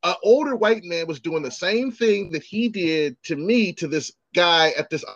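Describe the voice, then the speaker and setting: Animated middle-aged man telling stories. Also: sits high, moderate pace, dry recording, dull audio. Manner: animated, acts out quoted voices, swears freely. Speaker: podcast host. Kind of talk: casual storytelling chat.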